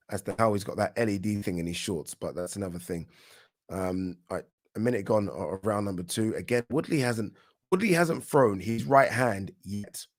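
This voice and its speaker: A British man gives casual live watch-along commentary on a boxing match for his channel, speaking in a voice on the low side. He's chatty and quick to react, often restarting his words.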